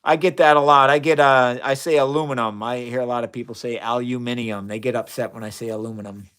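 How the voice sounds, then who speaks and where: A man's voice: mid-range voice, fairly even intonation, fast talker, a bit bright. Chatty Midwestern man on a live stream. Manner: chatty and rambling, reads and answers chat comments. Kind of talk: casual live-stream chat. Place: home chemistry lab, indoors. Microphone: phone camera, flipped around during the stream.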